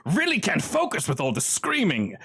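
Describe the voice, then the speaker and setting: A man voicing a cruel, cigar-smoking male crime boss who speaks slowly with mock politeness. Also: sits high, wildly swooping pitch, pushed and bright, breathy edge, voice pushed up, heavily acted. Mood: menacing, mock-polite. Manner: silky, mock-courteous, slow and threatening.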